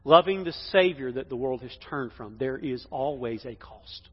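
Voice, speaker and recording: A pastor preaching a sermon in a church, emphatic, swinging between loud declarations and hushed lines. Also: male voice, medium pitch, expressive, normal speed, few pauses, breathy edge. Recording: dull echoey hall sound.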